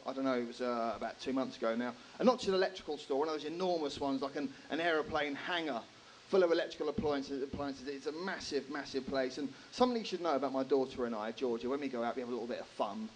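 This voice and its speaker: A man doing a stand-up comedy set in a live room, animated, swearing freely and acting out characters. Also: medium pitch, slight background noise, low-quality recording.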